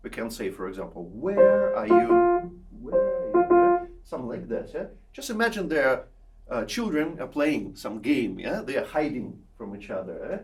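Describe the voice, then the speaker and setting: A man's voice: medium pitch, sing-song, a little fast. Man, piano masterclass teacher, coaxing, sings phrases, distant mic, echoey hall, piano behind. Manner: coaxing, checks in with 'yeah?' and 'eh?' often, sings phrases to show them. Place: recital hall or studio with a piano. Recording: roomy hall, from far off, piano sounds.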